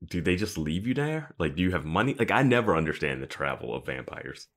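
A man's voice: sits low, very animated, brisk, a bit bright. A man co-hosting a podcast, chatting casually about an episode with lots of laughs and incredulous asides. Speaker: podcast co-host. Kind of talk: casual chat recapping a TV episode.

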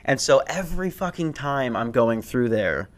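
A man's voice: mid-range voice, animated, moderate pace. A young adult man telling stories on a podcast in a casual, rambling way, swearing and laughing often and restarting his sentences. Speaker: podcast host. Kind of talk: casual storytelling chat.

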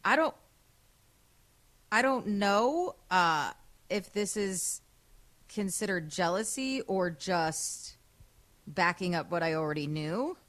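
A woman co-hosting a casual radio show chat, an animated storyteller who swears freely. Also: fairly low pitch, takes it slowly, long pauses. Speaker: co-host.

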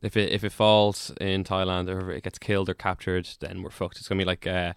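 A man's voice: sits low, little pitch movement, brisk, vocal fry, clear, resonant tone, no echo, clean studio sound. A man co-hosting a casual podcast chat, joking bluntly and swearing.

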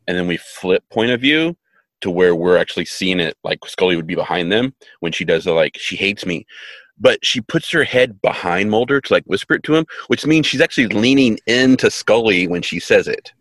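A man's voice: on the low side, animated, fairly quick, a bit bright, no echo. A man in his fifties co-hosting a podcast, chatting casually and wryly about an episode with offhand asides and trivia. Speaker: podcast co-host. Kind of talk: casual chat recapping an episode.

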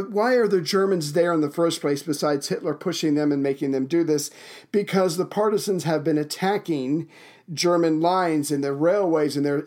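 A man's voice: fairly high pitch, a little mellow. A man co-hosting a casual history podcast, who tells events in an emphatic, storytelling way. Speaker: podcast co-host.

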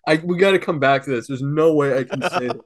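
A man's voice: on the high side, fast talker. A man co-hosting a casual comedy podcast, rambling and swearing, often breaking into helpless giggling fits. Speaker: podcast co-host.

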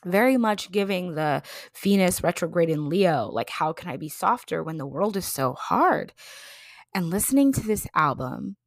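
A woman's voice: lowish voice, no echo, clean studio sound. Effusive young woman podcast host. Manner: effusive and emotional, swinging between excited bursts and slow soft passages. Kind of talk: casual chat.

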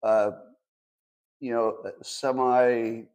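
A man's voice: medium pitch, flat delivery, slow pace, darkish tone, clean tone. Sarcastic man ranting in rhetorical questions. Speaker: host. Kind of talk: casual solo commentary.

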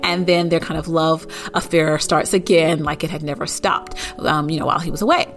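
A woman's voice: low voice, steady tone, fairly quick, faint music behind. A woman casually recapping an episode, rambling with lots of "like" and "you know" and getting indignant at outrageous moments. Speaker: show recapper.

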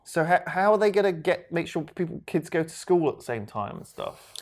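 A man's voice: on the high side, expressive. A man co-hosting a podcast, chatting casually and making rambling jokes. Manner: joking, rambling, quick to laugh. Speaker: podcast co-host. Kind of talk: casual chat.

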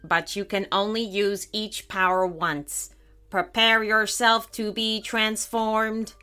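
A woman's voice: mid-range voice, level tone, slow pace, sharp tone, clean tone. A woman voicing a boastful alien toy robot who speaks in formal, clipped pronouncements. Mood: coolly superior.

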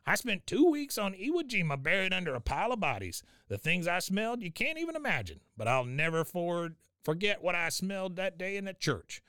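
A man voicing a belligerent old grandfather who barks orders in a gruff, sneering way. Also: high-pitched, sing-song, fairly quick, few pauses, sharp tone, dry recording, clean studio sound, pitched above the performer's own voice, exaggerated voice. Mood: cranky.

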